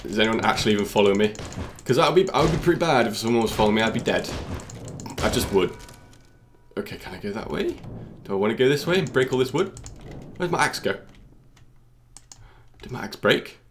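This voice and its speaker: Excitable young British man gaming. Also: fairly low pitch, brisk, long pauses, a little hiss or hum. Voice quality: jumpy, exclamatory, jokey. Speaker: gaming YouTuber. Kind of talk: excited let's-play commentary.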